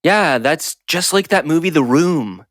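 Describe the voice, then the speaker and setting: Lively, jokey male podcast host. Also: a little high, unhurried. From United States. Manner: jokey, slips into mock-formal phrasing. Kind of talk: casual comedic chat.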